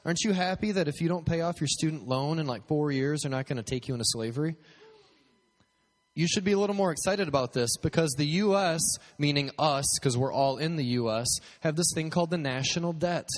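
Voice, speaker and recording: A man as pastor, preaching a joking sermon with prayer and questions to the crowd, speaking from a podium in a church hall. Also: mid-range voice. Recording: long hall reverb.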